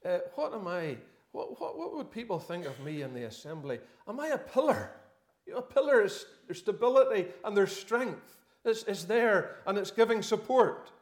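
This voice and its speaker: A middle-aged man preaching a sermon, swinging between emphatic loud lines and quiet dropped phrases and repeating words as he reasons aloud. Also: high voice, sing-song, normal speed.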